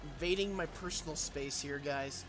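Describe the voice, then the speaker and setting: A man's voice: fairly high pitch, moderate pace, over music. A man livestreaming and reacting to game trailers, swearing freely and laughing often. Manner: profane, excitable, laughs a lot. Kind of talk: live reaction commentary.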